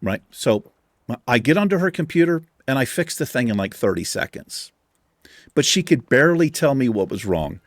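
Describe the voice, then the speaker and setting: A man's voice: mid-range voice, sing-song, normal speed, no echo. Profane man telling a story, dry sound. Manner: profane, exasperated anecdote telling. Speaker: gaming channel host. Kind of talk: casual storytelling over gameplay.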